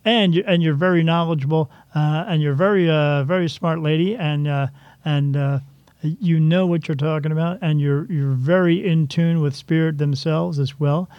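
A man's voice: fairly high pitch, steady tone, normal speed, dry recording. A man hosting a casual talk show, rambling and joking with many restarts, in a dull lo-fi recording. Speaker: podcast host. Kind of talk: casual chat. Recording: dull lo-fi dry sound.

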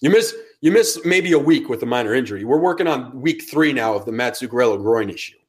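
A man co-hosting a sports podcast, ranting with heat and plenty of swearing. He grew up in Connecticut and talks in a loose, casual chat style, with a voice pitched in the middle range for a man. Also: expressive, fast. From Connecticut, USA. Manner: profane, ranting, heated. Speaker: podcast co-host.

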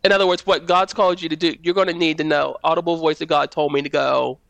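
A woman speaking as a prophet, giving a personal faith testimony in a panel conversation. She tells it as an animated story and acts out the quoted voices in a high tone. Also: quick pace, gravelly, dry recording.

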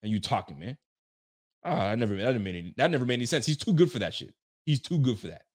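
Brief: male sports fan host, mid-pitch, animated reaction rants, quick laughs. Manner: excitable, ranting, laughs often. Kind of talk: casual reaction commentary.

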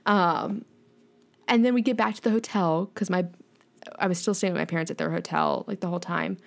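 A young adult woman, a podcast guest, telling a rambling, animated story in casual chat and saying "like" often. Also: fairly low pitch, a little fast, gravelly. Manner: animated, rambling, heavy use of "like".

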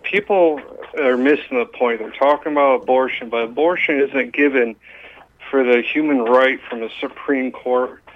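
A man phones in to a talk show and speaks earnestly, pausing and restarting his sentences. The line sounds dull and muffled, with faint hiss underneath. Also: mid-range voice. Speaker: caller. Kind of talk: phone-in call.

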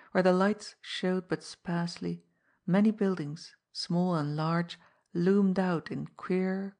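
Woman reading an adventure audiobook, measured pace, slightly low voice. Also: darkish tone. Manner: measured storytelling. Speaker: audiobook narrator. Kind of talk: scripted narration.

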